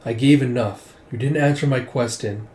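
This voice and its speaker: A man's voice: medium pitch, moderate pace, darkish tone, natural voice. A man voicing a guarded young woman fighter who talks in blunt, terse lines. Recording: roomy echo.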